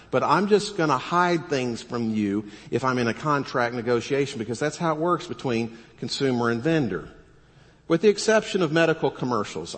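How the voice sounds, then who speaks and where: A man preaching with animated energy, mid-pitched and lively, asking the room rhetorical questions and slipping into voices for the people he quotes. His voice rings out in a large hall with a long reverb tail. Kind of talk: sermon.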